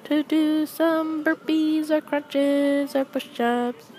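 A young adult woman hosting a casual solo chat, rambling with wry, deadpan asides as she comments on people passing by. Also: high voice, takes it slowly, soft background music, low-quality recording. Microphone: close microphone.

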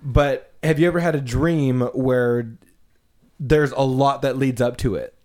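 A man co-hosting a podcast in casual chat, halting and restarting his sentences. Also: mid-range voice, steady tone, darkish tone. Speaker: podcast co-host.

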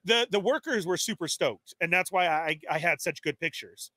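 A man with a high, bright voice tells a story with excitable energy. He is plainly exasperated and acts out the lines he quotes. The sound is dry and close. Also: moderate pace, no echo. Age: adult. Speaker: toy podcast co-host. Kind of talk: animated storytelling on a live stream.

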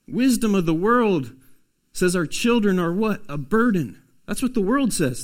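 A male pastor delivers a sermon in a slightly raised voice. He swings between punchy, emphatic lines and quiet, almost hushed asides, speaking straight to his congregation. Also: high voice, animated, unhurried.

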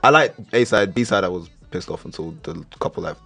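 Low-voiced laid-back man in casual chat. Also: lively intonation, fairly quick, gravelly, bright, forceful tone, slightly rough. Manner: laid-back, slangy, repeats himself.

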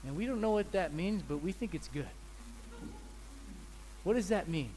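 A man preaching a sermon as pastor, telling animated stories and acting out the people in them. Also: high-pitched, moderate pace, faint music behind. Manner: animated storyteller, acts out people's voices. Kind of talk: sermon with storytelling.

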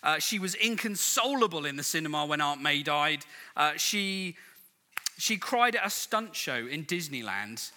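A middle-aged man gives a sermon with a bright, forceful, somewhat high voice. He tells stories in a chatty, humorous way to his congregation. Long reverb from a large church hall hangs around his words. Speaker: preacher.

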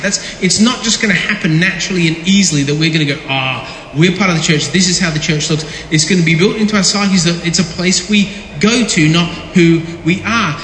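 This pastor's high-pitched voice is bright and forceful, with a little hiss or hum in the recording. He delivers a casual, jokey sermon and interacts with the congregation, restarting and repeating words often, in a large church hall with long, echoing reverb.

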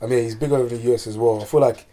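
A man's voice: mid-range voice, fairly even intonation, very fast, warm tone. A young man, co-hosting a casual podcast chat and rambling through lots of fillers and restarts. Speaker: podcast co-host.

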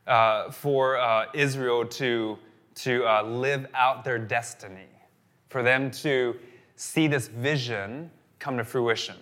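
A male pastor delivering a sermon in an animated, storytelling way, stacking repeated phrases for emphasis. His voice sounds bright and forceful, at a middle pitch for a man.

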